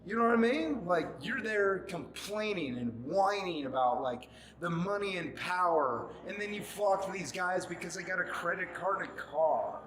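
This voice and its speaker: A man's voice: high voice, expressive, moderate pace, hardly any pauses, reverberant, low-quality recording. Angry ranting man in his forties. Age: 40s. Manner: angry ranting, mocking voices, growing louder and shouting. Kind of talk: ranting monologue to camera.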